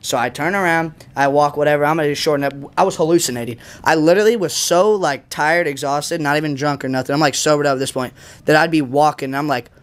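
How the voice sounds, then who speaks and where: A man's voice: a little high, fast talker. A young man on a podcast telling a rambling story in casual slang, packed with fillers and acted-out quotes. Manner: dramatic retelling with acted quotes. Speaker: podcast guest.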